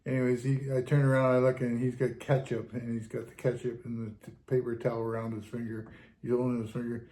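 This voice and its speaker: A man's voice: medium pitch, monotone, quick pace, mellow, a little hiss or hum. A man, a former fire captain co-hosting a podcast, who tells stories with animation and acts out the voices in them. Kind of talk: casual storytelling chat. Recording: roomy, echoey room sound.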